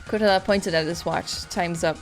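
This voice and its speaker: A woman's voice: on the low side, steady tone, moderate pace. A woman playing through a mystery game, reading its narration and breaking off to chat candidly about the translation. Her talk is casual and loose, with faint music beneath. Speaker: gaming YouTuber. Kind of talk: let's play commentary and narration.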